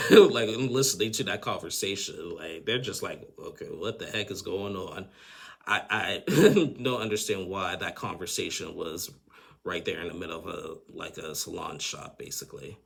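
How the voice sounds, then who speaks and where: A man's voice: low-pitched, moderate pace, creaky, husky. A man giving a chatty, casual recap of a reality TV episode, laughing often between lines. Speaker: TV recap host.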